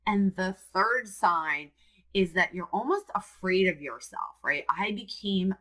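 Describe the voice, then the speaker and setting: A woman's voice: fairly low pitch, lively intonation, measured pace, fairly bright tone, low-quality recording. A woman, a support coach, talking earnestly and candidly to camera about her own experience. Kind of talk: direct-to-camera personal talk.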